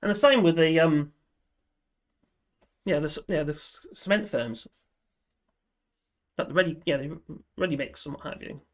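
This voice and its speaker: A man's voice: on the high side, moderate pace, pauses often. Rambling man on a casual livestream. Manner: rambling, chatty, laughs often, trails off. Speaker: livestream host. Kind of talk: casual live chat reading viewer comments.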